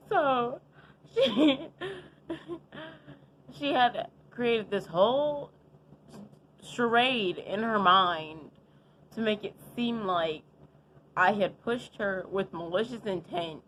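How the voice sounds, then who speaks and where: A young adult woman vlogger telling a casual storytime, chatty and animated, with lots of fillers and asides. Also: mid-range voice, slight background noise, rough recording. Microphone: adjusting the camera setup while talking.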